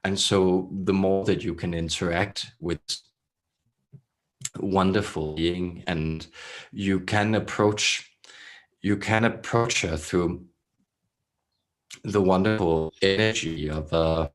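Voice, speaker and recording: A man channeling a throaty, deep-voiced alien collective. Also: fairly even intonation. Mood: solemn. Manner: slow, measured, solemn delivery with long pauses. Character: collective alien consciousness speaking as a group, calm and benevolent. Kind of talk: channeled spiritual message.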